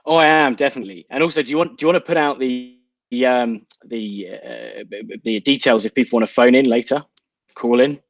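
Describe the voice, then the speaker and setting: A man co-hosting a live show, halting and searching for his words. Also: medium pitch, dry recording, lo-fi sound. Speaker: co-host.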